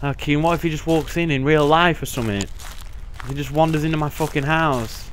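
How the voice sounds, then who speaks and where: A man's voice: on the high side, fairly even intonation, fairly quick, slight background noise. A young man playing a horror game, swearing constantly and breaking into panicky outbursts. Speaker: gaming channel host. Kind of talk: let's play commentary.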